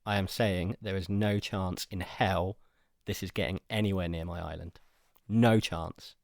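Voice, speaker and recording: A man co-hosting a podcast, stubborn and deadpan in casual chat, often laughing. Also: deep voice, unhurried, vocal fry, no echo, studio quality. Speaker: podcast co-host.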